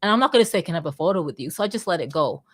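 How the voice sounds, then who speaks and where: Female host, casual storyteller, slightly low pitch. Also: animated, rapid-fire, a bit bright. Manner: chatty storyteller, many restarts. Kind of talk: casual chat on an audio space.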